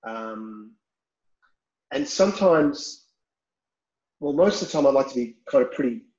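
In a candid interview, a film director talks frankly and swears casually. His mid-range voice is expressive and darkish, delivered at a measured pace. The recording sounds roomy and slightly dull.

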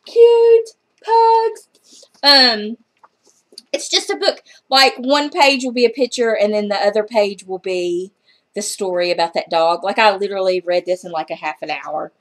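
A woman book vlogger chats casually through her book haul, excitable and gushing, with some casual swearing. Her voice is medium pitched.

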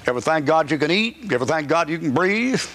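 A man's voice: a little high, animated, fast talker, fairly bright tone. A man preaching a live sermon at a church service, folksy and joking, rambling with restarts. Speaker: pastor.

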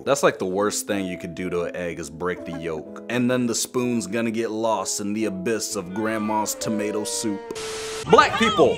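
A young man hosting a comic reaction video, reacting with loud exclamations and quick jokey asides. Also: fairly low pitch, very animated, faint music behind.

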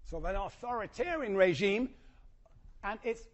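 An older man giving a university lecture, his voice going hoarse, lively and acting out quotes. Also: moderate pace, muffled recording. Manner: animated, acts out quotes with sudden high pitch. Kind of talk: classroom lecture. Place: lecture hall.

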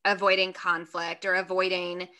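A woman co-hosting a podcast in casual chat, talkative and quick to laugh, reading points from her notes. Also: lowish voice, flat delivery, bright, forceful tone. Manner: chatty, laughs often, reads points from notes. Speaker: podcast co-host.

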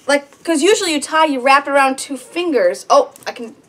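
Talking to herself while crafting at home on her farm, a woman vlogger frets and whines a bit over a fiddly project. She has a high, animated voice with a fairly bright tone and speaks a little fast.

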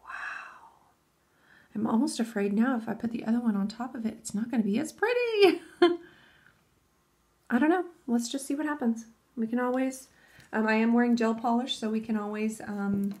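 Woman nail-art vlogger, casual and excitable, thinks aloud, a touch high-pitched. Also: normal speed. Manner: chatty, enthusiastic, thinking aloud. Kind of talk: casual tutorial chat.

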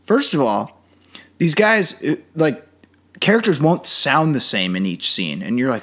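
A man's voice: medium pitch, a little slow. A man co-hosting a casual movie review podcast, joking and slipping into silly voices. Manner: animated, jokey, does funny voices. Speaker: podcast co-host.

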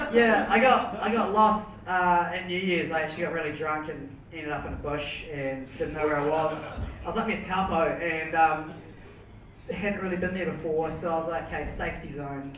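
A young man with a New Zealand accent rambles nervously through a stand-up set, laughing at his own jokes. His voice sits fairly high. He is picked up from a distance in a roomy venue with noise behind him. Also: fairly bright tone. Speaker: stand-up comedian. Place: comedy venue with audience.

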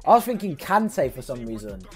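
Man, gaming streamer, lively sing-song delivery, faint music underneath. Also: mid-range voice, moderate pace. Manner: chatty, hypes up his viewers, yells at big pulls. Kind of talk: excitable pack-opening commentary.

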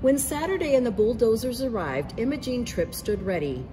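A woman's voice: a little high, big pitch swings, normal speed, over music. A woman reading a children's picture book aloud, narrating expressively and voicing the characters.

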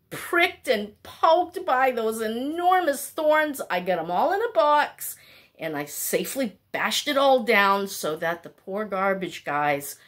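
Older lady in her 60s vlogging, slow easygoing talk, lots of ums, real open and chatty. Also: on the high side, fairly bright tone. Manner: chatty and meandering, with many fillers; heartfelt and candid. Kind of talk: casual rambling vlog.

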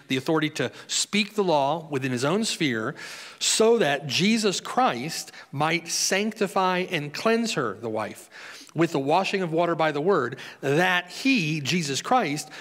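Male pastor, teaching sermon, asks the room questions, slightly high voice, long hall reverb. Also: fairly bright tone. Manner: conversational teaching with questions to the congregation. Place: church hall.

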